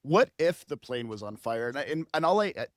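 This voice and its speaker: A man's voice: mid-range voice, very animated, brisk, no room sound, studio quality. A man co-hosting a podcast, chatting casually and playfully riffing on the story he has just heard. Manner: playful, laughs along, riffs on the story. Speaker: podcast co-host. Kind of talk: casual chat.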